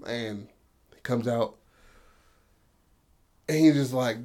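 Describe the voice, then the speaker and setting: A man's voice: medium pitch, fairly even intonation, takes it slowly, darkish tone. A man co-hosting a podcast, telling a story in a rambling, casual way and swearing freely. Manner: rambling, full of "you know what I mean", swears freely. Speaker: podcast co-host.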